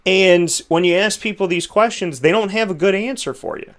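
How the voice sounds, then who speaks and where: A man's voice: sits high, moderate pace. A male show host giving conversational opinion commentary, rambling and frustrated, and asking rhetorical questions.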